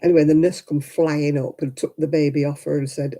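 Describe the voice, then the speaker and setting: Older woman, very dark mellow voice, chatty, rambling anecdotes. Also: low voice, level tone, brisk, few pauses, poor audio. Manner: chatty, rambling anecdotes with frequent "you know" asides. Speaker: crafting livestream host. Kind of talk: casual storytelling chat.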